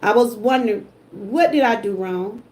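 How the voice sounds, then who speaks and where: A woman's voice: medium pitch, normal speed, a little mellow. An older woman, chatting emotionally with her live-stream viewers. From Georgia, US. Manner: emotional, talks straight to chat viewers. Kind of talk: casual livestream chat.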